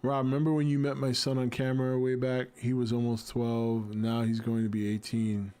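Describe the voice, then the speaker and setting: A man's voice: medium pitch, level tone, moderate pace, dark tone, clean tone. A man in his forties hosting a casual livestream, reading and answering chat with a laid-back, jokey manner.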